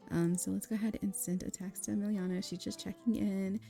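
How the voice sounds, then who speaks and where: A woman's voice: medium pitch, little pitch movement, brisk, vocal fry, hardly any pauses, mellow, faint music behind. A woman giving casual, chatty commentary on a life-simulation game, giggling and talking straight to her viewers. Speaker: gaming creator.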